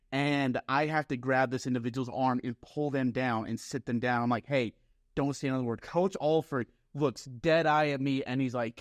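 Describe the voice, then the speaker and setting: A man hosting a podcast, chatting casually and telling stories with lively acted-out quotes. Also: medium pitch, no echo, clean studio sound. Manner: animated storyteller, acts out quotes. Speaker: podcast host. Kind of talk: casual interview chat, storytelling.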